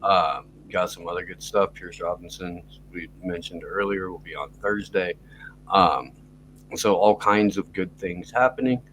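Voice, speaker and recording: Low-voiced profane podcast host. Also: male voice, measured pace, a bit bright, slight background noise, rough recording. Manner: loose, profane, rambling. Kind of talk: casual chat.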